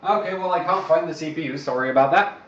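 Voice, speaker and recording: A man's voice: on the high side, fast talker, fairly bright tone, slight background noise. A young man rambles through casual livestream commentary, joking at his own expense in a slightly raised voice. The sound is roomy and a little muffled. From Czech Republic. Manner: rambling, joking, self-deprecating. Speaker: overclocking livestream host. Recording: roomy, slightly dull stream audio.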